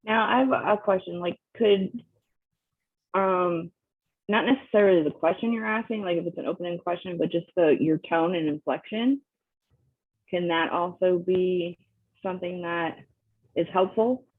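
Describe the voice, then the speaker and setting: A woman student asking a question in class, halting and hesitant. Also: lowish voice, dry recording. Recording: tinny phone-like dry sound.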